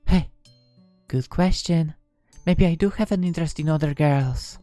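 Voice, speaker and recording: Cast: cheeky, cheerful young woman mage in a visual novel, as a man puts her on, high and bouncy, dry close sound, soft music behind. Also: normal speed, dry recording, lightly acted. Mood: teasing. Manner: teasing, bright, playful.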